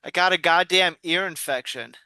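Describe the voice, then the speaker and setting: Bright, crisp-voiced man in his forties. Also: high-pitched, normal speed, dry recording. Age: 40s. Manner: joking, self-deprecating storyteller. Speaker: podcast co-host. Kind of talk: casual chat.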